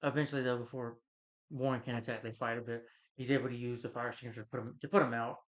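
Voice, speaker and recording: Male film reviewer, casual and rambling, mid-pitched voice on a slightly muffled recording. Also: little pitch movement, quick pace. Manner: rambling plot retelling with many fillers and restarts.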